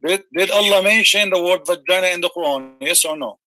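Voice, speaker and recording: A man hosting a heated debate, pressing his opponent with rapid repeated questions and cutting in. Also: high voice, a crowd in the background. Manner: combative, interrupting. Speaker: debate host.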